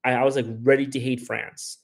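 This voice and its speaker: A man's voice: mid-range voice, little pitch movement, brisk, creaky. A man hosting a travel livestream, answering viewer questions in a loose, rambling way, full of "like" and "you know what I mean". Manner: rambling, frequent "like" and "you know what I mean", puts on voices when quoting people. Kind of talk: casual livestream chat reading viewer questions.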